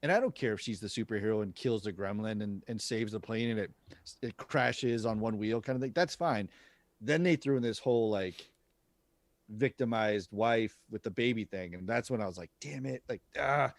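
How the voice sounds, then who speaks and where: A man's voice: fairly low pitch, moderate pace, no echo. A man co-hosting a casual movie review podcast, chatty and prone to repeating words as he starts a thought. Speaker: podcast co-host.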